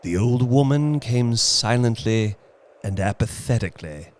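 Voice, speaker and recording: A man's voice: mid-range voice, expressive, slight background noise. A man narrating a suspenseful classic horror tale in a dramatic audiobook reading. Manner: slow, suspenseful storytelling. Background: faint music.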